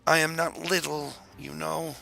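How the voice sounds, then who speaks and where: A man's voice: on the high side, level tone, measured pace, vocal fry, pushed and bright, full character voice. A man voicing a touchy, skeptical male fae mage who speaks with dry sarcasm.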